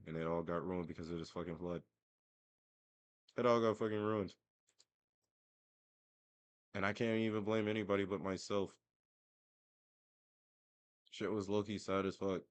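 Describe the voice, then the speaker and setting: A young man with a very low voice rambles through a story, full of swearing and self-mockery. He talks casually, straight to the camera. The recording is dry and close. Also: no room sound. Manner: profane, rambling, self-mocking. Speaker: vlogger.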